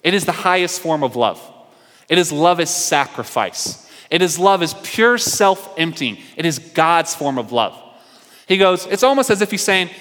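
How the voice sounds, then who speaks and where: A man's voice: fairly high pitch, big pitch swings, moderate pace, fairly bright tone. A male pastor preaching a sermon, telling the story and acting out the characters' lines. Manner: storytelling preacher who acts out the characters' dialogue. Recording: long hall reverb.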